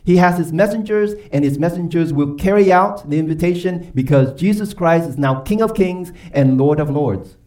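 A man preaching a sermon as pastor, emphatic and quick to pose rhetorical questions to his congregation. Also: on the high side, darkish tone. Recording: voice from far off the mic.

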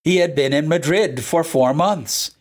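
A regular narrator of a show, giving a slow, expressive reading of a classic tale. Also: medium pitch. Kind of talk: storybook reading.

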